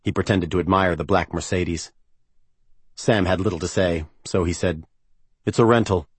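A man narrating a novel as an audiobook reader, in a measured, even storytelling manner. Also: sits low, slightly rough, dry recording. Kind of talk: scripted narration.

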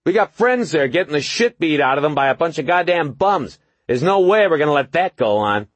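This is a cocky young tough leading a gang, all sneer and swagger, voiced by a man. The voice is pushed high and loud, and it is husky with a dry closeness. He talks down to everyone. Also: lively intonation, fairly quick, no room sound. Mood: scornful. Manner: scornful and aggressive. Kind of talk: audiobook narration.

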